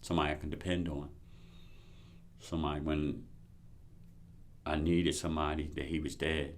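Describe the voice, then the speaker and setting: A man with an extremely deep voice speaks to his absent father in a steady, matter-of-fact tone. His pitch barely moves, keeping his delivery level and even. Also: moderate pace, a little hiss or hum. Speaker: interviewee.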